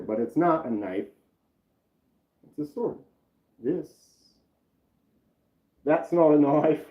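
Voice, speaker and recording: A man's voice: on the high side, lively intonation, slow, long pauses. A man casually chatting on a live stream, rambling and greeting viewers from the chat by name. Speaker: knife channel live streamer. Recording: roomy, slightly dull sound.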